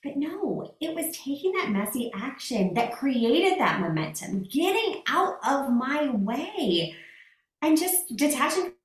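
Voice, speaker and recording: Lively woman host with a roomy echo. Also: high voice, takes it slowly. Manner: emphatic, encouraging, upbeat. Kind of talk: motivational conversation. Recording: roomy echo, voice set back from the mic.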